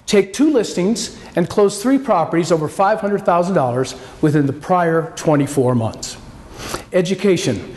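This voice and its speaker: A man giving a scripted corporate presentation, laying out requirements with upbeat, gently joking asides. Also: high voice, animated, moderate pace.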